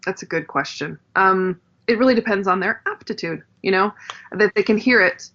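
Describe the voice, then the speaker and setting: A woman with a bright, crisp voice talks casually as a podcast guest and explains dialect work as a coach. She acts out vowel sounds and laughs easily. The audio is somewhat dull and lo-fi. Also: medium pitch, moderate pace. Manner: animated, demonstrates dialect sounds, laughs often.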